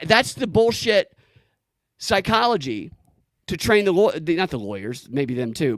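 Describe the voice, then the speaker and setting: A man with a slightly high, very lively voice talks in a loose, excitable way, stumbling over restarts and swearing freely. He is recorded dry and close, as a podcast host. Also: dry recording. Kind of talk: casual podcast chat.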